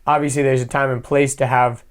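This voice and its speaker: A young man hosting a podcast, talking in a relaxed, rambling way full of fillers. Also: mid-range voice, fairly quick. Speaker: podcast host. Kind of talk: casual conversation.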